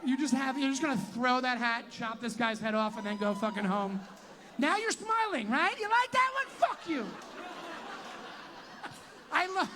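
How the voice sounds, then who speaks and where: A man doing profane stand-up crowd work, teasing audience members in a tent venue. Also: high-pitched. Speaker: stand-up comedian.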